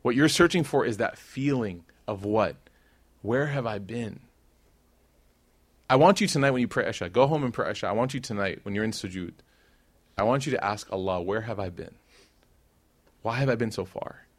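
A man's voice: fairly low pitch, expressive, brisk, long pauses. A young man giving an informal sermon, talking casually with the crowd, then rising to emphatic peaks. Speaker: preacher.

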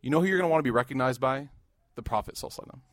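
A man in his thirties giving a sermon, mixing laughing stories with hushed, earnest reflection. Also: medium pitch, rapid-fire, dry recording. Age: 30s. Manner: animated, jokes and rises loud in anecdotes, hushed and earnest in devotion. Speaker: Muslim preacher. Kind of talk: sermon with storytelling.

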